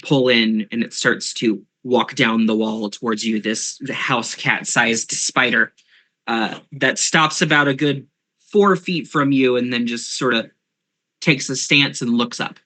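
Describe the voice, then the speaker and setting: A man's voice: medium pitch, measured pace, pushed and bright. A man narrating as game master of an online tabletop game, hesitant with many fillers.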